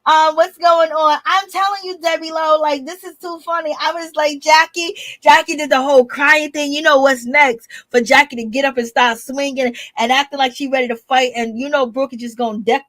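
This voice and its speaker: A woman's voice: high-pitched, normal speed, few pauses, dry recording. A woman hosting a casual recap stream, talking to her viewers with lots of laughter and slang. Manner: animated, laughing, addresses viewers as y'all. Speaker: reality TV commentary host.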